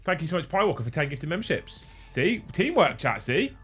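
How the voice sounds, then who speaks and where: A man hosting a casual livestream, swearing freely, getting excitable and thanking viewers by name. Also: a little high, brisk, slightly rough, soft background music. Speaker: livestream host.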